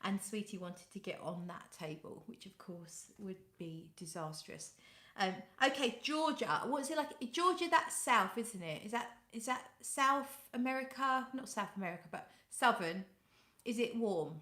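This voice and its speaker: A woman's voice: medium pitch, lively intonation, moderate pace, reverberant. A British woman hosting a casual fragrance live stream, greeting viewers by name and reading out their comments. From United Kingdom. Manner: coos softly when talking to her cat. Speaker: fragrance livestream host. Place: home room.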